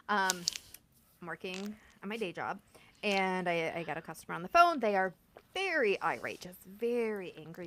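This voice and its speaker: A woman's voice: mid-range voice, sing-song, normal speed, long pauses, a bit bright, a little hiss or hum. A woman hosts a casual interview podcast. Her voice sits in an ordinary middle range, and she talks in a chatty, anecdotal way. She often slips into short acted-out bits of dialogue. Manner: chatty, tells side stories with laughs and quoted dialogue. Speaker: podcast host.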